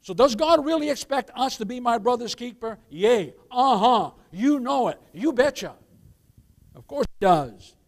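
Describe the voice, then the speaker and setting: A man's voice: very high voice, animated, measured pace. A man pastor preaching an emphatic sermon, quoting scripture, calling the congregation "beloved" and asking for amens. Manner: addresses listeners as "beloved", keeps asking for amens.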